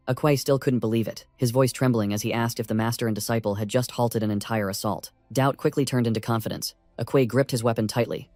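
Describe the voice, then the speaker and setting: A man narrating a comic story recap in an even, steady reading. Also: medium pitch, no room sound.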